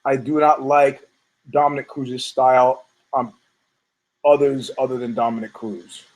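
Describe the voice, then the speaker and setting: A man's voice: mid-range voice, little pitch movement, a little slow, a little mellow, low-quality recording. A man hosting a casual sports podcast who rambles, stammers over his words, repeats himself and swears freely. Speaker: podcast host.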